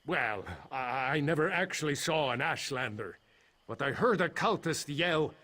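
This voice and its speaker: A man's voice: a little high, lively intonation, measured pace, bright, forceful tone, full character voice. An actor playing a flustered, wry mine foreman in a video game, rambling and a little sheepish. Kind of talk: game voice acting. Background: game music.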